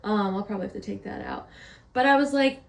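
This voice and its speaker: Young female podcast host with a playful storytelling drawl and a slightly gravelly voice, recorded in an echoey room. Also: medium pitch. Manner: playful, drawls words out slowly for effect. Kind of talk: casual storytelling monologue.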